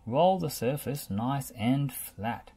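A woman reading aloud, voicing a cheerful, steady male cartoon builder in a slightly raised storybook voice. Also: a bass voice, slow pace, breathy edge, heavily acted.

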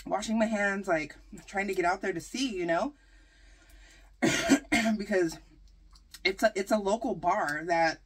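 A woman vlogger chatting through a storytime while eating, animated and full of fillers. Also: mid-range voice. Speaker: mukbang vlogger.

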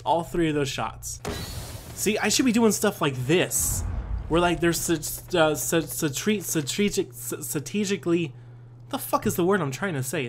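A young man doing let's-play commentary, excitable and swearing, yelping and laughing at himself as he plays. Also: fairly high pitch, slight background noise. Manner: excitable, swearing, yelps and self-mocking laughs. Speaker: gaming YouTuber.

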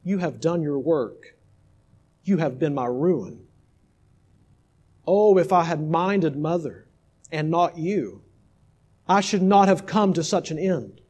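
A man's voice: fairly high pitch, animated, measured pace, darkish tone. A man reading aloud the words of a dying young man who anguishes and accuses his father, speaking with a raised, pained voice. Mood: anguished.

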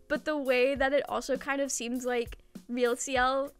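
A woman's voice: sits high, flat delivery, unhurried, clear, resonant tone, soft background music. A young woman in her twenties giving a chatty, giggly, slang-heavy casual recap of a manga as a commentator.

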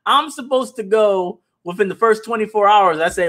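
Brief: high-pitched man, casual livestream host, animated and direct with his audience. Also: normal speed, hardly any pauses. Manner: animated, talks straight to viewers, repeats words. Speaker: animation company founder hosting a livestream.

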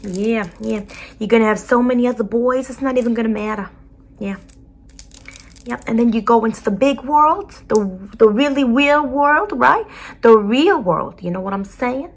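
In a whispered role-play, a woman plays a brash, blunt school counselor with a New Jersey accent, repeatedly calling the listener sweetie. Her voice is breathy, soft, and on the high side, and she speaks at a normal speed. The mood is blunt yet soothing.

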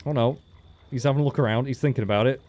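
A man's voice: medium pitch, very fast, a little mellow. A man giving casual, joking game commentary as a let's play host, with frequent swearing. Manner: chatty, joking, swears freely.

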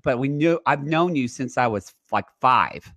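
A man's voice: mid-range voice, lively intonation, moderate pace, a bit bright, no echo, studio quality. A man in his thirties hosting a podcast, chatting casually and telling rambling stories full of fillers. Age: 30s. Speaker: podcast host. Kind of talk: casual chat.

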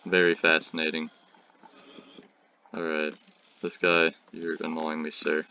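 A man's voice: rumbling low, completely flat delivery, a little slow, sharp tone, a little hiss or hum. A teenage boy hosting a gaming video, giving rambling, jokey commentary and talking back to enemies on screen. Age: teen. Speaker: gaming channel host. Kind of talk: casual gameplay commentary.

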